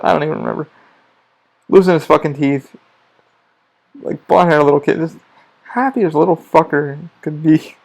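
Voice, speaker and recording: A man's voice: a little high, creaky, a little mellow, low-quality recording. A man hosting a podcast, telling rambling stories about his theme park job in a casual monologue full of profanity. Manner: profane, storytelling, emphatic. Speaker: podcast host.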